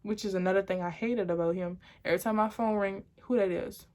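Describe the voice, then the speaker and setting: A young adult woman telling a personal storytime on her vlog, animated and rambling with many restarts. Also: medium pitch, fast. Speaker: vlogger.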